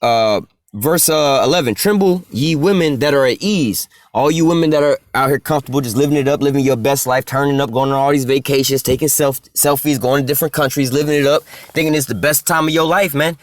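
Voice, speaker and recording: Fast-talking preacher man cursing hard. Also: medium pitch, steady tone, no echo. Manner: heavy cursing slang, ends phrases with "man"; reads scripture slowly, stalls on filler sounds. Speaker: street preacher. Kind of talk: profane street sermon with scripture reading.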